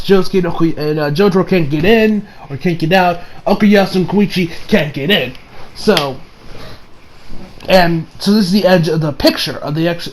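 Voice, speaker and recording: A man's voice: on the high side, darkish tone, low-quality recording. A man casually recapping an anime episode, rambling with many fillers and restarts. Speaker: anime reviewer.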